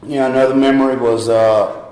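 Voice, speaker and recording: A man's voice: medium pitch, fairly even intonation, a little fast, a little mellow, echoey room. A middle-aged man with a Southern US accent gives a candid, rambling personal testimony at a recovery meeting, often laughing at himself.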